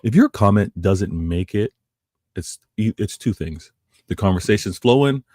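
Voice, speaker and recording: A man's voice: lowish voice, expressive, unhurried, a little mellow, dry recording, clean studio sound. A man co-hosting a casual football chat, rambling and restarting his phrases. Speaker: co-host.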